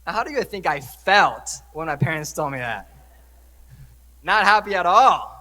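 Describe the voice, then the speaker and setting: A man's voice: high voice, lively intonation, moderate pace, pushed and bright. A young man, a priest, preaching a conversational sermon and asking the congregation questions. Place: church. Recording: church hall reverb.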